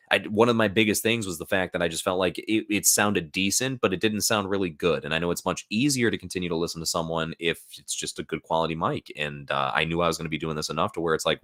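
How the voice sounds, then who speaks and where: A man with a very low voice talks loosely and at length on a casual live stream, swearing now and then. He reads out chat comments and answers them. He is recorded at home through a new streaming microphone. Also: fairly bright tone. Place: at home, in front of a laptop.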